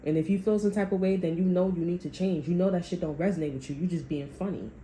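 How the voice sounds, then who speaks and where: Sassy tarot lady, low mellow voice, cussing a lot, echoey room. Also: quick pace, slight background noise. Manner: blunt, profane and sassy, talks straight to viewers. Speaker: tarot reader. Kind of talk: casual spiritual reading monologue.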